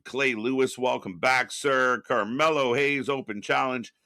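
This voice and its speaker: There's no room sound around this unhurried, sharp-toned man with a mid-range voice. A middle-aged streamer in his home studio, he chats loosely, reads messages from the chat aloud, greets viewers, and rambles with lots of fillers, restarts and some swearing.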